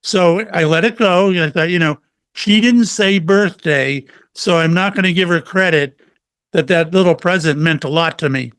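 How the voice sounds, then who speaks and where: Slightly high and clean in tone, this middle-aged man speaks at a moderate pace on a dry recording. He's a psychic medium guest in a casual interview, telling lively stories and acting out quotes.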